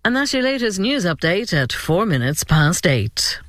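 Irish male newsreader, brisk and measured, higher register, dead-dry booth. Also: sing-song, fairly bright tone, dry recording. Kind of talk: scripted news reading.

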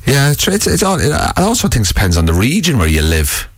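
A man co-hosting a breakfast radio show, chatting in a wry, slightly deadpan way. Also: mid-range voice, fast, husky, dry recording. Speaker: radio co-host. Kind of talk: casual radio banter.

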